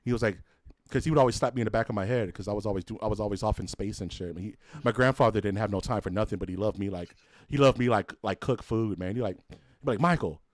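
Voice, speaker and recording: A man's voice: fairly low pitch, fast talker, dry recording. A man co-hosting a casual podcast, telling loose, profane stories and acting out other people's voices along the way. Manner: animated storyteller who acts out voices, swears freely. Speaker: podcast co-host. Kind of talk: casual chat, storytelling.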